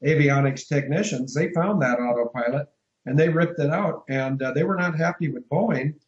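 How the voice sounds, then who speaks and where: A man's voice: fairly high pitch, normal speed, reverberant, dull audio. A man giving a discursive, emphatic interview, spelling out letters and numbers as he explains. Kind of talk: phone-in radio interview.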